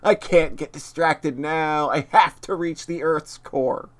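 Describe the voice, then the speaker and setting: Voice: medium pitch, slow pace, lightly acted. A streamer reading a determined game hero's lines aloud in a plain voice during a gameplay stream.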